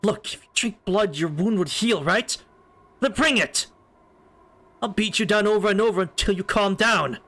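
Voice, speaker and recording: A man streamer reading aloud as a hot-headed, stubborn young man, delivering blunt lines in loud, rising outbursts. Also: high-pitched, normal speed, hardly any pauses, breathy edge, voice pushed up. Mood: defiant. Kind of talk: reading a game's story mode aloud.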